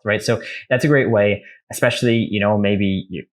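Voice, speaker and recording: A young man with a deep, low-pitched voice hosts a casual screen-share tutorial. He talks in a loose, chatty way and corrects himself as he goes. When he types prompts, he reads them aloud slowly. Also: fairly even intonation. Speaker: tech tutorial host.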